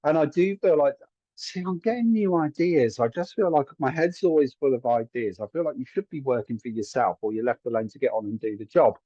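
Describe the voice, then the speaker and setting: A man's voice: medium pitch, a little fast, warm tone, no echo, lo-fi sound. A man giving live psychic readings to viewers from a room at home, chatty and hedging, often checking whether his words make sense. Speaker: psychic medium.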